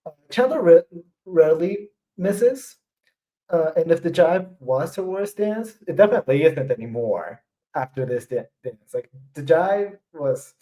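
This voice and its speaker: A man's voice: on the high side, lively intonation, unhurried, warm tone, poor audio. Effusive, enthusiastic man co-hosting a podcast. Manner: enthusiastic and effusive, casual swearing. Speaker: podcast co-host. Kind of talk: casual chat.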